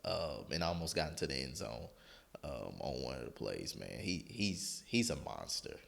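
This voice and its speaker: A man co-hosting a football podcast, talking in a relaxed, slangy way with frequent ums. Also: extremely low pitch, normal speed, vocal fry. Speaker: podcast co-host. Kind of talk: casual sports chat.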